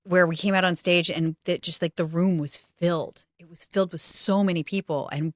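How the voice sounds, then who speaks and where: A woman's voice: on the low side, steady tone, moderate pace, no echo, studio quality. A middle-aged woman co-hosting a podcast, chatty and giggly, often restarting her sentences. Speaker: podcast co-host. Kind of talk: casual podcast chat.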